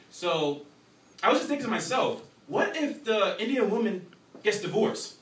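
A young New York stand-up comedian with a high-sitting voice, speaking at normal speed, performs live at a small venue. He tells animated stories, shouts his punchlines, and keeps saying "you know what I'm saying." The recording is roomy, distant, and noisy.

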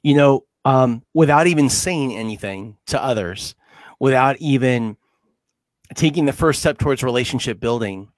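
A man's voice: mid-range voice, moderate pace, no echo. A man hosts an interview in an ordinary mid-range voice, speaking reflectively. The recording is close and dry, and he turns to pose questions straight to his listeners. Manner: reflective, asks the audience questions. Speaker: host. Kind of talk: hosting an interview series.

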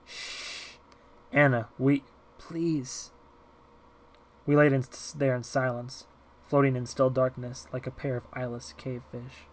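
A man narrating a novel as an amateur audiobook reader, in a plain, steady way. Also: medium pitch, moderate pace.

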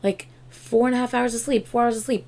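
A woman's voice: on the high side, fairly even intonation, fairly quick, vocal fry, darkish tone. A tired woman hosting a reaction video, talking casually, swearing freely and singing along.

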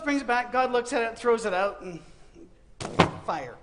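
A man's voice: very high-pitched, animated, normal speed, long pauses, noisy background. A man giving a humorous sermon, telling a Bible story as comic stories and acting out the voices. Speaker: preacher. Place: university auditorium.

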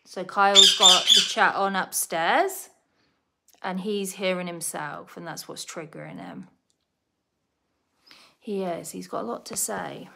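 A woman's voice: fairly low pitch, animated, slow, creaky, long pauses. A British woman chatting casually to her viewers and scolding her pet bird between sentences. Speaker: pet bird owner and channel host. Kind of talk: casual live chat with viewers. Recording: loud parrot squawks and clicks behind her. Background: parrot squawking.

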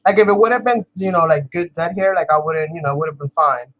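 A woman's voice: deep voice, quick pace, fairly bright tone, dull audio. Chatty New woman crafting vlogger. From New York. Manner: chatty, laughs often, talks to viewers as "you guys". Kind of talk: casual chat while crafting.

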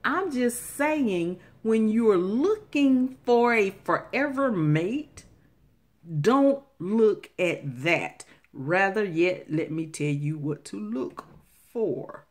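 Slow, earnest woman giving faith-based advice. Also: mid-range voice, animated. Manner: addresses viewers directly, repeats phrases for emphasis. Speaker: faith-based relationship vlogger.

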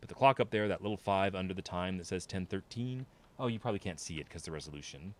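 Deep-voiced male streamer, casual running commentary while he plays. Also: quick pace. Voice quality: low voice. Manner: rambling, thinking aloud to viewers. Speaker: game streamer.

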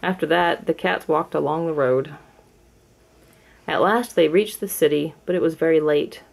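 A woman reading a children's storybook aloud in a clear, measured storytelling manner. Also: low-pitched. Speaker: storybook reader. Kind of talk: storybook read-aloud for kids.

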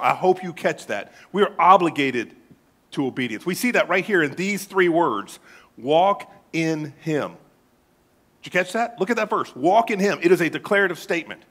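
Pastor preaching with lively pitch. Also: male voice. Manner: lively, asks the congregation questions and jokes. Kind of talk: sermon. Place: church sanctuary.

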